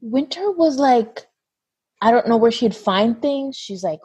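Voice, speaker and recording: Raspy woman in lively chat. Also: fairly high pitch, a little slow. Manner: lively storytelling, heavy use of "like". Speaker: mother of a toddler. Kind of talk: casual chat.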